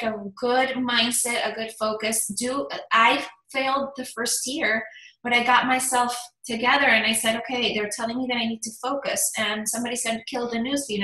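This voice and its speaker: Bright-voiced energetic woman coach. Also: a little high. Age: 40s. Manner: energetic, emphatic, speaks in quick bursts. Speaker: fitness business coach. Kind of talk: motivational talk. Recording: echoey room.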